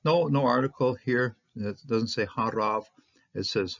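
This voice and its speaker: A man teaching a Hebrew text in an informal lesson, halting with many fillers and restarts, often checking in with "okay?". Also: mid-range voice, fairly bright tone, lo-fi sound.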